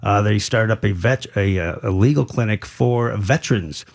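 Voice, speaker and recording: A man co-hosts a talk radio show from the studio. His voice sits a little low, and his talk is loose and chatty, full of ums and restarts. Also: normal speed, gravelly. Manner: chatty, many fillers and restarts. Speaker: radio co-host and producer. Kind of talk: casual talk radio chat.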